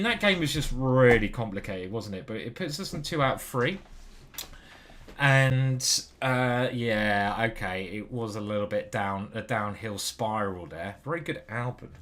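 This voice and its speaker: A man commentating on his own online chess game as he plays, muttering to himself, swearing and getting excited. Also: on the low side, measured pace, slight background noise. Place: small stuffy room.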